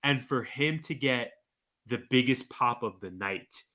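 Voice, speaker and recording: A man's voice: medium pitch, measured pace, sharp tone. A man co-hosting a podcast, chatting casually and making his points with emphatic admiration. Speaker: podcast co-host.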